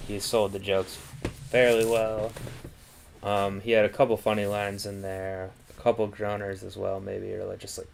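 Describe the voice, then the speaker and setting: A man's voice: low-pitched, creaky, darkish tone, slight background noise. A man reviewing a film on a casual live stream, thinking aloud and restarting his sentences with many fillers.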